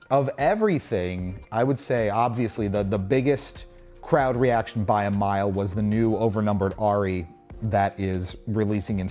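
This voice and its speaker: A man's voice: on the low side, a little mellow. A man hosting a casual livestream, rambling chattily through a convention show floor and chatting with viewers. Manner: rambling, chatty, restarts and asides. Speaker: host. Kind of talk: casual livestream walkthrough narration.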